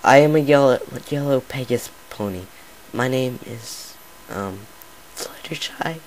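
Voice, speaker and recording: A man voicing a shy, timid young female pegasus pony, speaking softly and haltingly. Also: medium pitch, slight background noise, voice pushed up, close to an everyday voice, poor audio. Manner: soft, hesitant, halting.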